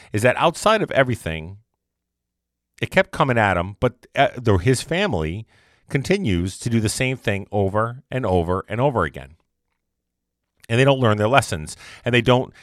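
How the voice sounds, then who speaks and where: A man's voice: on the low side, no echo, clean studio sound. A man giving a casual motivational monologue, rambling and repeating himself as he talks. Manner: rambling and repetitive, conversational.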